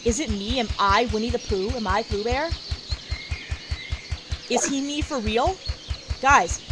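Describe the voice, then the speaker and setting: A woman's voice: on the high side, a little slow, noisy background. A woman hosting a let's play, giving casual, rambling commentary and playfully trash-talking the game's enemies. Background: loud game music.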